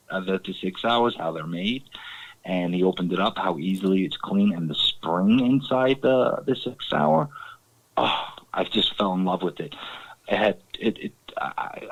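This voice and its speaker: Low-voiced man, halting speech. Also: dull audio. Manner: halting, many restarts and fillers. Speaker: guest. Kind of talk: casual chat.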